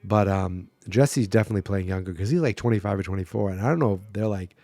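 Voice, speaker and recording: A man's voice: lowish voice, quick pace, warm tone, no echo. A man hosting a podcast, casually recapping a movie plot with sarcastic asides. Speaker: podcast host.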